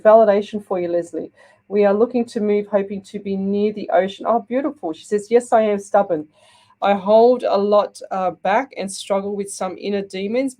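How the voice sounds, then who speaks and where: A woman's voice: medium pitch, darkish tone. Chatty Australian woman psychic host. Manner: chatty, reassuring, repeats "okay?" to listeners. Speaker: psychic medium radio host. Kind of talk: live call-in psychic reading.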